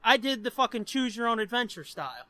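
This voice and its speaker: A man's voice: extremely high pitch, sing-song, quick pace, pushed and bright, no room sound. A man co-hosting a podcast who rants about a comic book in emphatic, profane casual chat. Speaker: podcast co-host.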